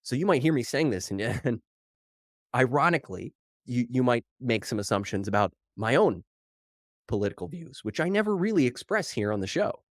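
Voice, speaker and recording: A male podcast host talks alone at a mid pitch, animated and a little breathless from too much coffee. He mocks what he reads with wry disbelief. The recording is dry and close, with no room echo. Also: normal speed. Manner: animated and worked up, mocking quoted headlines. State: over-caffeinated, slightly out of breath. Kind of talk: solo podcast commentary.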